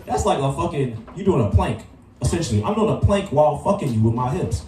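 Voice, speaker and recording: A man's voice: fairly high pitch, expressive, a little fast, distant mic, over music. A young man on a discussion panel, talking in rambling slang and often laughing. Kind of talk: casual panel debate. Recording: echoey room, mic from afar, crowd behind.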